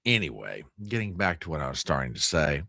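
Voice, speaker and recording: A man's voice: very deep voice, big pitch swings, brisk, gravelly, pushed and bright, no room sound, studio quality. A man hosting a live news stream, joking with his chat in exaggerated mock outrage. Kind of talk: joking livestream commentary.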